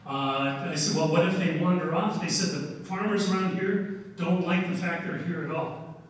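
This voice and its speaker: Older man, folksy slide talk, bit high voice, far from mic, big echoey hall. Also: fairly even intonation, normal speed. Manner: folksy storytelling with many "uh"s and "okay"s. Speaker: history presenter. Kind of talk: informal slide lecture. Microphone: distant room mic.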